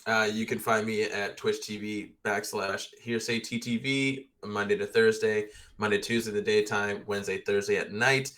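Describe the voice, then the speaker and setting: A young man from Canada talks in a low, hoarse voice worn rough by a cold. His pitch stays level and he jokes in a dry, offhand way during a casual chat. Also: level tone, moderate pace, hardly any pauses, a bit bright. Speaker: guest streamer.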